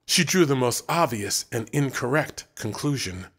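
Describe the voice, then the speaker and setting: A man narrating a story as an audiobook reader, with a dramatic, expressive delivery. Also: medium pitch, normal speed, breathy edge.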